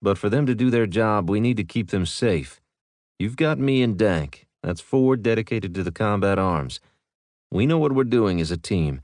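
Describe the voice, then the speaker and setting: A man's voice: on the low side, lively intonation, moderate pace, a little mellow, dry recording, clean studio sound. A man voicing a blunt, commanding male major in an audiobook. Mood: firm. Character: blunt male military major, team leader.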